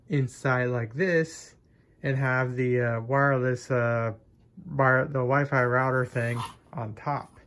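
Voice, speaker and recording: A man casually narrating a home tech vlog, rambling with many fillers and trailing asides. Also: mid-range voice. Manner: rambling, says "and whatnot" a lot, trails off with uh. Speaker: tech vlogger. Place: home garage computer setup.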